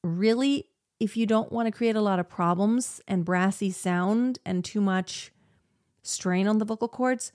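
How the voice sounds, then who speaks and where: A woman's voice: mid-range voice, unhurried, a little mellow, no echo, clean studio sound. A young adult woman vocal coach reacting in casual, enthusiastic commentary, now and then singing short demonstrations.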